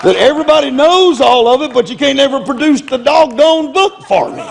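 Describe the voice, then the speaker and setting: A man's voice: extremely high pitch, animated, fairly quick, vocal fry, a little hiss or hum. A man preaching in a humorous storytelling style, blunt and self-mocking, often laughing as he talks. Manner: blunt, confrontational delivery.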